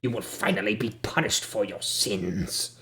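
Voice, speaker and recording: Man putting on a booming, merciless guard captain. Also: unhurried, creaky, sharp tone, exaggerated voice. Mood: scornful. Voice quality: booming, commanding. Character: loud zealous male guard captain, merciless.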